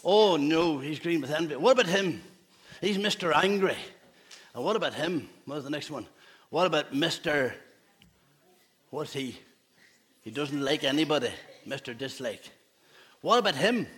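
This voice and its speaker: A man's voice: on the high side, lively intonation, normal speed, long pauses, fairly bright tone, breathy edge. A man, a pastor giving a playful children's talk in a church service, asking the children questions. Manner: playful, asks children questions, laughs often.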